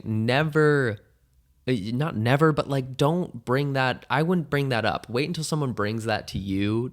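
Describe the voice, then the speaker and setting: A man hosting a casual advice podcast, talking thoughtfully with many pauses and restarts. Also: on the low side. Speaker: podcast host.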